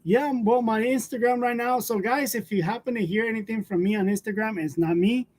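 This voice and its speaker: Wearing a wireless lavalier, this livestream host of a graphic design channel talks briskly in a high voice with a somewhat dark tone. He chats casually with viewers, spinning loose stories and laughing softly after nearly each line.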